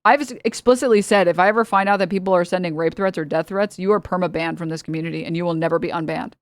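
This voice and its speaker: A woman's voice: on the low side, fast talker, dry recording. A young woman from the United States, a streamer giving heated, sarcastic political commentary and laughing between points.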